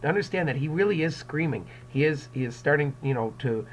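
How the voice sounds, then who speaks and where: A man's voice: fairly high pitch, expressive, fast talker, husky, poor audio. A male English teacher giving a casual recorded lecture, rambling with many fillers and repeated words, and acting out quotes with raised voices.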